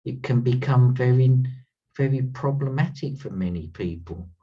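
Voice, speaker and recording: Earnest man, husky and distant. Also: medium pitch, normal speed. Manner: earnest, emphatic, repeats words for weight. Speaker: spiritual teacher. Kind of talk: spiritual talk. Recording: slightly distant, dull lo-fi sound.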